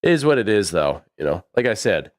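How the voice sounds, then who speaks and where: A man with a baritone voice giving chatty, rambling livestream commentary on a match, with many fillers. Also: big pitch swings, a little fast, no room sound, clean studio sound. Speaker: esports commentator.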